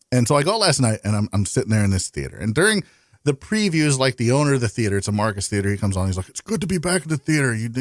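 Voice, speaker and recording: A man's voice: medium pitch, no echo, studio quality. A man ranting and telling profane stories as a guest in casual podcast banter.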